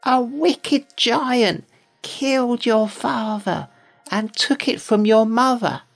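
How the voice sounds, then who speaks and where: An older man voicing a mysterious old female fairy in a storybook, raising his voice high and speaking with urgency. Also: takes it slowly, vocal fry, exaggerated voice. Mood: urgent.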